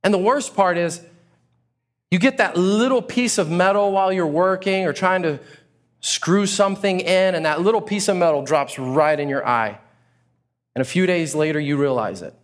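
A pastor preaching a sermon to a congregation, telling stories with acted-out exclamations. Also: male voice, a little high, measured pace, long pauses. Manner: animated storytelling with acted-out exclamations.

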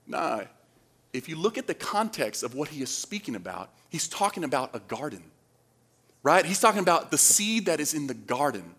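A man's voice: fairly high pitch, sing-song, brisk, a bit bright. A man from the Dominican Republic preaching a sermon in a casual, conversational way, often checking in with the congregation through questions. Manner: conversational, asks the crowd questions.

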